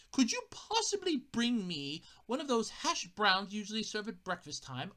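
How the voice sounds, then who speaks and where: Pompous posh restaurant customer, haughty and overly refined, lively swooping delivery, as a woman puts him on. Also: on the high side, voice pushed up, full character voice.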